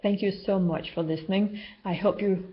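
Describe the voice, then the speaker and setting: A woman's voice: medium pitch, fairly even intonation, normal speed. Rambling woman on dull lo-fi video. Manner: rambling, loosely structured. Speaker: spiritual healer vlogger. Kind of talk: unscripted talk to camera. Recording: dull lo-fi home video sound.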